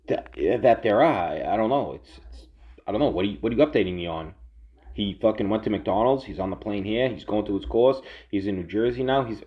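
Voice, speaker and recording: A man's voice: on the low side, animated, fairly quick. A man ranting in a casual, heated and sarcastic way, cursing often and repeating himself. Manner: heated, profane, repetitive, sarcastic. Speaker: political commentator. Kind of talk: casual rant. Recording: dull lo-fi audio.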